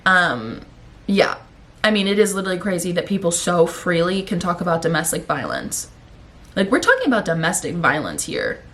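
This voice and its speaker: A woman's voice: on the low side, sing-song, moderate pace, a bit bright. Breathless young woman ranting with a sore throat. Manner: rambling, profane, emotional. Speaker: vlogger. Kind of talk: casual chat to camera.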